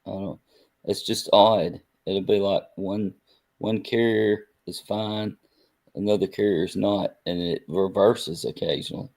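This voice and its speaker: A man's voice: fairly low pitch, fairly even intonation, unhurried, a little mellow. A man co-hosting a casual chat, musing in a hesitant way.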